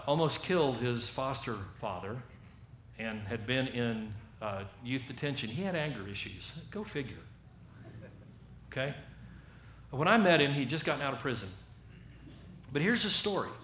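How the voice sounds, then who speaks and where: A man with a Southern American accent delivers a storytelling sermon, acting out the voices in his tale with animated shifts. His voice sits at a middling pitch. The room echoes, with a faint hiss behind him.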